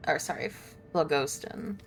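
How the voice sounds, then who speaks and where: Woman streamer, casual gameplay chat, low voice, loose and laughing. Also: unhurried, gravelly, slight background noise. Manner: swears casually, laughs often.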